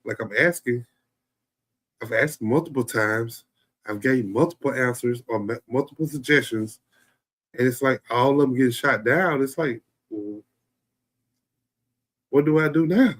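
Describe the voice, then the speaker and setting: A man's voice: medium pitch, a little slow, long pauses, a bit bright. A man co-hosting a casual relationship podcast, speaking emphatically and repeating himself to drive a point home. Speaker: podcast co-host.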